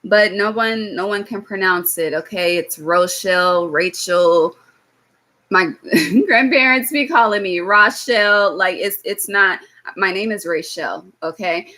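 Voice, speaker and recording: A woman's voice: mid-range voice, a little slow, bright, forceful tone. A young woman giving a casual live-stream tarot reading, blunt and swearing freely, often checking in with "okay?". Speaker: tarot reader.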